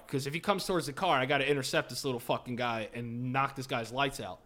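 Bright-voiced man telling a profane story. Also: mid-range voice, fast, few pauses. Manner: animated, profane, laughing storyteller. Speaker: podcast host. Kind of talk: casual storytelling chat.

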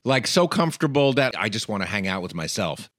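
A man's voice: on the low side, sing-song, a little fast, fairly bright tone, no echo, studio quality. A man co-hosting a comedic podcast, playful and jokey, bantering and reading ads. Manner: playful, jokey, eager guessing. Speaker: podcast co-host.

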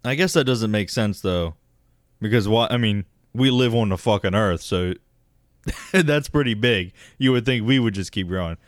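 Low-voiced man, laughing banter. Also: moderate pace, no echo, studio quality. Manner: laughs often, swears freely. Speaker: co-host. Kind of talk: casual podcast chat.

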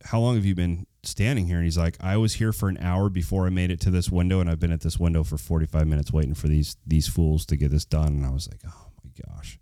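A man's voice: low-pitched, flat delivery, quick pace, hardly any pauses, mellow, no room sound, clean studio sound. A man telling a long personal story to his viewers, rambling with lots of fillers and acting out the dialogue, while getting over a cold. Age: adult. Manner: rambling, many fillers, acts out quoted dialogue. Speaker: vlogger.

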